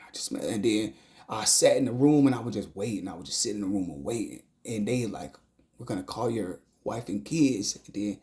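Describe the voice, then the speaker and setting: This man's voice sits on the low side with vocal fry as he gives a moving personal testimony about a dream. He hesitates, repeats himself, fumbles words, and sometimes lowers to a hushed whisper.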